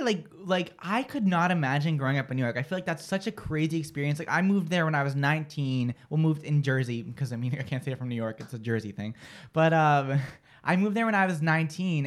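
A man from outside Boston hosting a radio-style show, telling stories in a rambling, animated way. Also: on the high side. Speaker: radio host. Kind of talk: casual chat.

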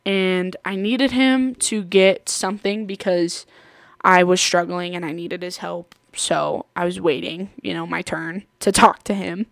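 A woman's voice: fairly low pitch, unhurried, vocal fry, no echo. A woman hosting her own podcast, rambling through stories in a casual chat with frequent laughter. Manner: chatty, rambling, laughs often. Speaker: podcast host.

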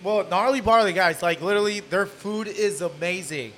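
A man in his thirties hosting a casual podcast chat at a bar, animated and motivational, leaning on the word literally. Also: high voice, moderate pace, soft background music. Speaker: podcast host.

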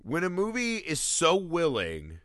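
Animated, bright-voiced man ranting profanely. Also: a little high, a little slow, dry recording, clean studio sound. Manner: profane, animated, acts out characters' lines. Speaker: podcast co-host. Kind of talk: casual comedic movie review chat.

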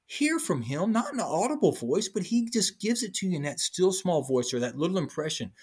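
Husky, animated man telling his faith story. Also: sits high, a little fast. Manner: animated storyteller, acts out quoted speech. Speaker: interview guest. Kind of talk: testimony in a podcast interview.

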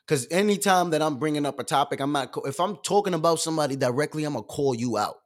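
A young man hosting a live stream, ranting with heavy slang and swinging from loud bursts to low asides. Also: animated, fast talker. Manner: profane, streetwise slang. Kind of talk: animated rant on a live stream.

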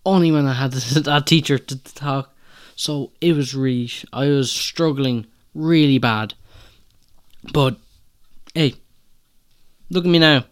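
A young man hosts a podcast alone. He talks in a rambling, self-conscious way and keeps stopping to restart his sentences. His voice sits at an ordinary pitch for a man. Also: slow pace, long pauses, clean tone. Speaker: podcast host. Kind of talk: solo podcast monologue.

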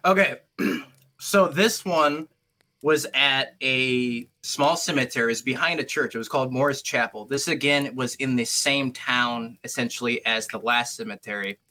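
Bright-voiced man telling a story. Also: medium pitch, moderate pace. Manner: swears freely, says "dude" a lot. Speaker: guest paranormal investigator. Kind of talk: casual storytelling.

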